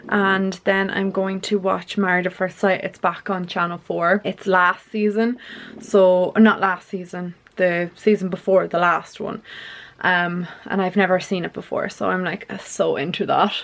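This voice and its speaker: A woman's voice: lowish voice, fairly even intonation, normal speed, gravelly. Chatty woman vlogging, a bit breathless. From UK or Ireland. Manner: chatty, lots of "like" and "um", laughs easily. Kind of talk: casual vlog chat. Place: home kitchen.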